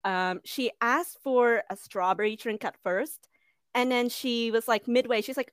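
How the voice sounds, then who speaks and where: A young woman with a high voice trades stories in a casual chat as a podcast co-host. She laughs often as she talks, and the sound is dry and close to the mic. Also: a little slow, smooth, dry recording. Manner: laughing, conversational storytelling.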